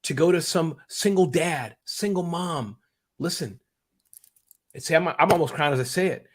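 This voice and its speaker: A man, a guest in an interview, talking in a rambling, animated and emotional way. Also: fairly high pitch, moderate pace. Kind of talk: casual interview chat.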